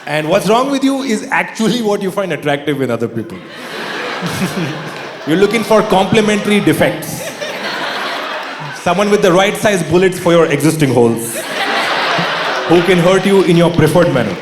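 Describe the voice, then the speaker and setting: A man performing stand-up on a theatre stage, his voice sitting fairly high and swinging widely in pitch. His delivery is dry and deadpan, broken by sudden loud outbursts, and the sound rings through a roomy hall with audience noise clearly underneath. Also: moderate pace, long pauses. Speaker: stand-up comedian. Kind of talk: stand-up comedy set. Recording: echoey live hall with audience. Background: audience laughter.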